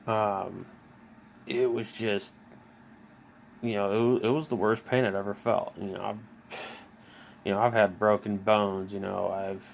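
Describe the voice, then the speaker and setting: A man in his thirties with a lowish, gravelly voice tells his own story in a loose, rambling way. He fills every pause with fillers, restarts often and swears freely. Faint room noise sits under his voice. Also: fairly even intonation. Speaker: vlogger. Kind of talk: casual personal storytelling.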